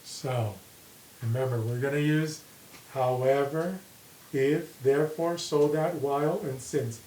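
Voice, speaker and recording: Slow, deliberate male teacher in echoey room. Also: mid-range voice, fairly even intonation, mellow. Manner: slow, deliberate dictation, reading punctuation aloud. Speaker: English teacher. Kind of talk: classroom grammar lesson. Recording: echoey room with faint hiss.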